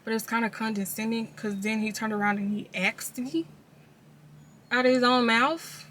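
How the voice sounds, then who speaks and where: A woman's voice: fairly high pitch, fairly even intonation, moderate pace, fairly bright tone, a little hiss or hum. A woman vlogger speaking candidly and casually, telling viewers about her own life in a personal confessional video. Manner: candid, casual storytelling, addresses viewers directly.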